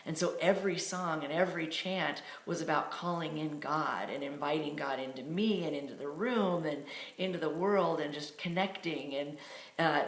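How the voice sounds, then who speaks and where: Low-voiced woman telling a lively story. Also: echoey room. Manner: animated, dramatic storyteller. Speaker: authenticity coach. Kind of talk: personal storytelling vlog.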